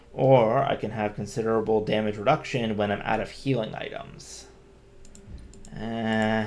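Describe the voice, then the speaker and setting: A man's voice: on the low side, darkish tone. A man giving casual let's-play commentary, thinking aloud and grumbling wryly at the game. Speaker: gameplay commentator.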